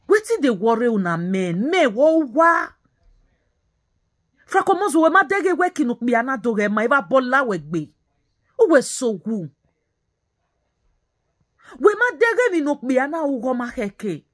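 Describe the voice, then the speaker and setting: A woman rants straight to camera, angry and bitter, scolding with the same phrases over and over. Her voice sits high and swings wildly in pitch, with a husky, breathy edge. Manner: scolding, repetitive, mixes in Nigerian Pidgin. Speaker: vlogger. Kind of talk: angry ranting commentary.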